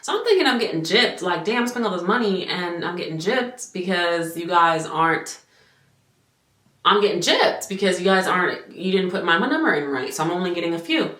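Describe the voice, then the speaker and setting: A woman's voice: lowish voice, a little fast. Blunt, chatty woman in an echoey room. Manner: animated storytelling, frank and blunt. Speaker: vlogger. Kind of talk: casual chat. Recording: roomy echo.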